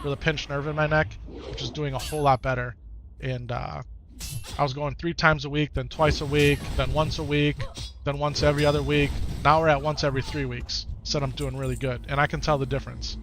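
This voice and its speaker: A man's voice: on the high side, little pitch movement, brisk, background noise. Chatty Wisconsin-accented streamer man. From Wisconsin, United States. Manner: chatty and easygoing, often repeats his own phrases. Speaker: game streamer. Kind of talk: live gameplay commentary while reading chat.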